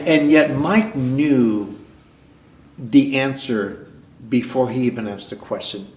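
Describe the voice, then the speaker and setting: A man speaks at a recovery club meeting, telling his own story in an earnest, halting way and often starting his sentences over. His voice sits in a middle range for a man. The room around him is roomy and echoing. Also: medium pitch, darkish tone. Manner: earnest, halting, with frequent restarts. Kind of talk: sharing a personal story at a meeting.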